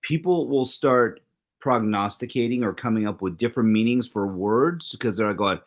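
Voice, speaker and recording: A middle-aged man co-hosting a talk show in casual chat, animated, acting out quoted exchanges with big swings in his voice. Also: lowish voice, moderate pace. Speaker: co-host.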